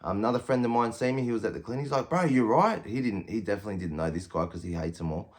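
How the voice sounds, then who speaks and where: In a lowish, darkish voice with fairly even intonation, an Australian man in his thirties rattles off a prison story rapid-fire. He's blunt and swears heavily, casually reenacting what he and others said in raised voices.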